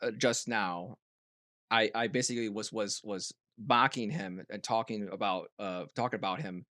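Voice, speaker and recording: Young guy rambling thru a story, lots of restarts, bright voice, dry close sound. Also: moderate pace, no room sound. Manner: rambling storyteller with many restarts, mimicking people in loud high voices. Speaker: podcast co-host. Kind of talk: casual chat.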